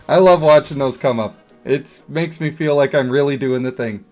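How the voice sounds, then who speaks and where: A man's voice: medium pitch, normal speed, a little mellow, soft background music. A male streamer giving casual, crude, jokey commentary on a game, laughing often.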